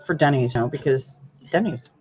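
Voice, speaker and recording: A woman's voice: rumbling low, a little mellow, husky. A woman co-hosting a casual livestream from a diner booth, joking dryly and sometimes talking with her mouth full. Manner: slow, dry and joking, chewing food while talking. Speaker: livestream co-host. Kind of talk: casual chat. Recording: dull lo-fi livestream audio.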